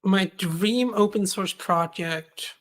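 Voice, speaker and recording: A woman's voice: mid-range voice, slow. A young woman, an open source maintainer, chatting as an interview guest and rambling as she searches for words. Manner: rambling, searches for words with many ums and likes. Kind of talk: casual interview chat.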